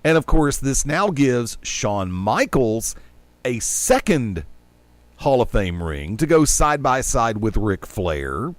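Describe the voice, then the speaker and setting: A man's voice: medium pitch, big pitch swings, takes it slowly, dry recording. A man hosting a casual sports talk radio show on a headset mic, rambling and opinionated with jokes along the way.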